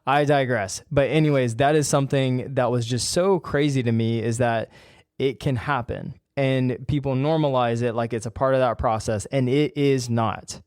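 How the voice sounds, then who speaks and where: A man's voice: medium pitch, fairly even intonation, moderate pace, a little mellow, clear, resonant tone, no echo, studio quality. A man hosting a podcast, talking in an emphatic, fired-up, plain-spoken way. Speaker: podcast host and ACL rehab coach. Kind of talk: casual solo podcast talk.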